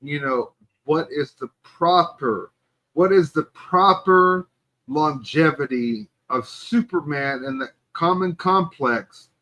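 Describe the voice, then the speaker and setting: A man's voice: on the high side, slow pace, pushed and bright, low-quality recording. A man co-hosting a podcast, debating a movie in casual chat and pressing his point. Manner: emphatic, argues his point. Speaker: podcast co-host.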